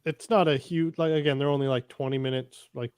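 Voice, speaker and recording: A man's voice: a little high, steady tone, fairly quick, darkish tone, clear, resonant tone, no room sound, clean studio sound. A man co-hosting a pop culture podcast, talking in a laid-back, rambling way in casual chat. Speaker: podcast co-host.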